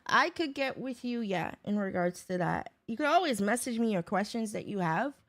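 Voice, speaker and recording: A woman's voice: mid-range voice, animated, moderate pace. A woman streamer in casual chat, greeting viewers by name and talking loosely with them. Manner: chatty, talks to viewers by name. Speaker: livestreamer.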